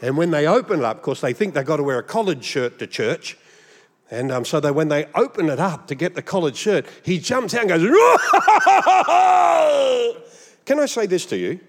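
An Australian man preaching a sermon, animated and humorous, mimicking voices as he goes. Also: fairly high pitch, brisk, in a large hall. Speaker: pastor.

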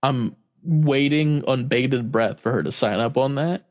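A man's voice: mid-range voice, measured pace. Laughing man telling a casual story. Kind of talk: casual chat.

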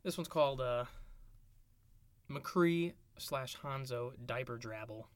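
A man co-hosting a comedy podcast, reading fan fiction aloud in a dry, deadpan way. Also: mid-range voice, slow pace. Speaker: podcast co-host.

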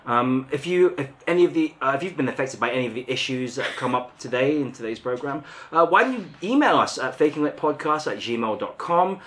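Man, podcast host, bright voice, casual rambling chat, lots of fillers. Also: medium pitch, expressive, brisk, hardly any pauses.

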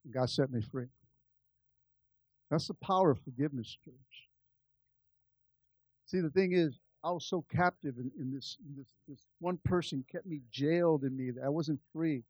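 Animated man preaching a sermon. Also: a little high, normal speed, pauses often, husky, no room sound, lo-fi sound. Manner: animated, swings from soft asides to loud climaxes. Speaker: pastor. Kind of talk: storytelling sermon.

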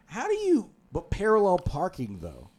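A man's voice: high-pitched, wildly swooping pitch, normal speed, darkish tone, husky. A man hosting a comedy podcast, reading news stories aloud and joking about them drily. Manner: dry, reads news stories aloud then jokes. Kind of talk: casual comedic banter. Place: podcast studio.

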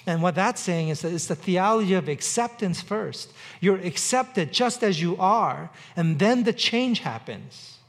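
High-voiced man preaching a sermon. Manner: conversational preaching with repetition and dry humor. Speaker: pastor. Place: church on Mercer Island.

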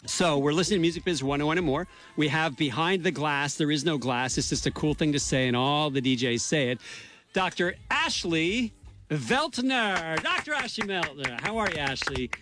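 A man's voice: fairly high pitch, a little fast, few pauses, a bit bright, faint music behind. A man hosting a college radio show, joking around in casual banter and reading sponsor plugs.

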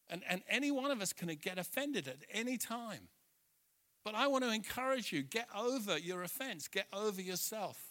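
A middle-aged man preaching a sermon in church, an animated storyteller who swings from quiet asides to loud, emphatic bursts. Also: a little high. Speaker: pastor.

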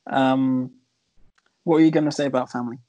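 A man co-hosting a podcast, chatting about films in a relaxed, hesitant way with plenty of fillers. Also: mid-range voice, a little fast, no echo, low-quality recording. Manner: laid-back, hesitant, laughs often. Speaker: podcast co-host. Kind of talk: casual film chat.

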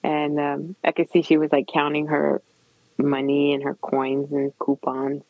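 A woman with a slightly husky, low-set voice tells a personal story in casual chat, acting out the voices of the people in it. The sound is dry and a little dull, with no room around it. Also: unhurried, no echo. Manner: animated storyteller, lively retold quotes.

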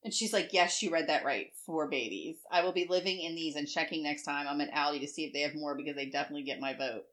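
A middle-aged woman co-hosting a casual chat, telling stories with lively, acted-out quotes and frequent swearing. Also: low voice, fast talker, few pauses. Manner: animated storyteller, acts out quoted voices, swears freely. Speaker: co-host.

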